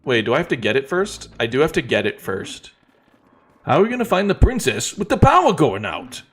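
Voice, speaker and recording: A man streaming a game, talking in a relaxed, wry, joking way as he plays. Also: mid-range voice, brisk, husky. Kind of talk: casual gameplay commentary.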